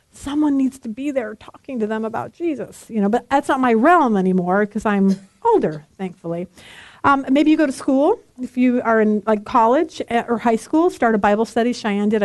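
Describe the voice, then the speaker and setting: Chatty, animated woman Bible study teacher. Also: on the high side, dry recording. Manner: chatty, animated storytelling with frequent laughter.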